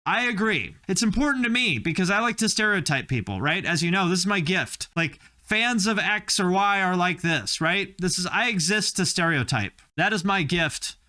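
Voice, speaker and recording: A man with a high, bright voice gives casual reaction commentary. He sounds opinionated and wry and often pokes fun at himself. His talk stays loose and conversational. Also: animated, normal speed, few pauses. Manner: opinionated, wry, self-mocking. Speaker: host reacting to video clips.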